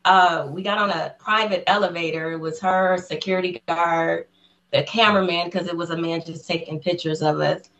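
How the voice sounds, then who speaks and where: Excited woman telling a story, lowish voice. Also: normal speed, highs cut off. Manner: excited storyteller who acts out the voices of people in her story. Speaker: interview guest. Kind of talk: casual interview storytelling.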